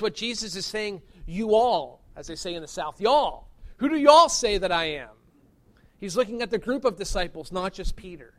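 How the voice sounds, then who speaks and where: A man preaching a sermon as pastor, earnest and emphatic, pressing his points with rising stresses. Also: high voice.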